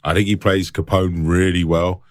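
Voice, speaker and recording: A man's voice: deep voice, flat delivery, normal speed, dry recording. A man co-hosting a film podcast in casual chat, chatty and given to laughing and asking "you know what I mean". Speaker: podcast co-host.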